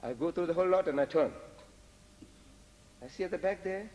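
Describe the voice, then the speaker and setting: An older man giving a religious lecture, telling lively, humorous stories and dropping Arabic phrases. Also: high voice, fairly quick. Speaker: Islamic lecturer. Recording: echoey lecture hall.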